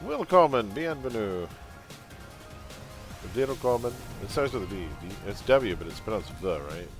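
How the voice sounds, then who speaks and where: Lively, jokey male game streamer. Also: on the low side, fairly quick, over music. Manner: jokey, chatty, laughs often. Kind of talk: casual live-stream chat.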